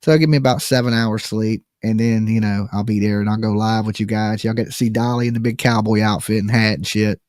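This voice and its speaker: A man's voice: lowish voice, fairly even intonation, brisk, few pauses, darkish tone, no room sound, studio quality. A man hosting a live call-in stream, joking and slangy, talking casually straight to his viewers. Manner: joking, slangy, talks to the chat. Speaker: live call-in show host. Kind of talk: casual livestream chat.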